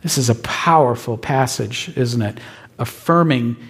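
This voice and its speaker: A man's voice: medium pitch, a little slow, breathy edge. A male pastor preaching a sermon with emphatic repetition, often checking in with his listeners. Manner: emphatic, asks the congregation "right?".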